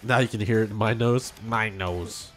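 A man's voice: on the low side, little pitch movement, fast talker, soft background music. A man hosting a podcast, chatting casually with a nasal, stuffed-up voice from a cold, rambling and self-deprecating. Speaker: podcast host. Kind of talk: casual chat.

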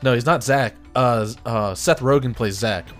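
A man's voice: mid-range voice, moderate pace, soft background music. A man hosting a radio show in casual chat, telling stories animatedly with frequent restarts and laughter.

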